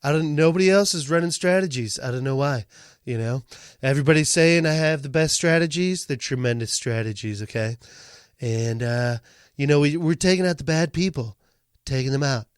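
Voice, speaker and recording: A man's voice: on the high side, clear, resonant tone, dry recording, clean studio sound, voice pushed down, close to an everyday voice. A man putting on the voice of a boastful, blustering older male politician who repeats his brags. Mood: bragging. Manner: repetitive bragging, drawn-out words.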